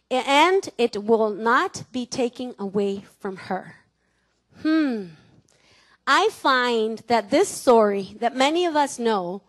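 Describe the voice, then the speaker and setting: A high-pitched woman with a Mexican Spanish accent preaches a sermon in a church. She teases her congregation, laughs easily and has them repeat words back to her. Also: fairly bright tone. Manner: playful, laughing, calls for congregation responses. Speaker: pastor. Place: church sanctuary.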